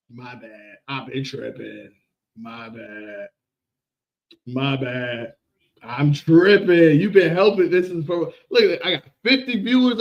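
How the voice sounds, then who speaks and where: A man ranting on a casual livestream, animated and repetitive, often laughing. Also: sits high.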